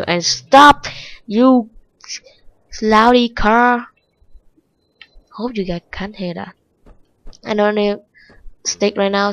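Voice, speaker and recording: A woman with a Vietnamese accent narrating her own gameplay at an unhurried, drawn-out pace. Her English phrasing is simple and non-native, and her voice sits at a middle pitch when she mutters to herself. When she is scared she jumps to high, excited shrieks. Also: dry recording, poor audio. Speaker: gaming channel host. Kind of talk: let's-play game commentary.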